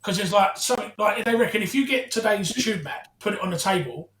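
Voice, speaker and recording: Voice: mid-range voice, a little fast, slight background noise. A podcast co-host, chatting casually and acting out little scenes while telling stories. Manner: animated storyteller who acts out quotes. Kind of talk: casual chat. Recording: echoey room.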